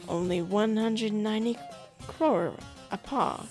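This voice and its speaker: A woman voicing a coy, scheming male cobra-man silk merchant who talks slowly and hisses his persuasion. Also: medium pitch, a little mellow, soft background music, natural voice. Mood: coaxing. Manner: slow, drawn-out, hissing persuasion.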